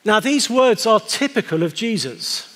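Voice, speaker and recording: A man preaching a sermon in a conversational, wry way, slowing down to stress key words. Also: sits high, big pitch swings, fairly bright tone. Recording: long hall reverb.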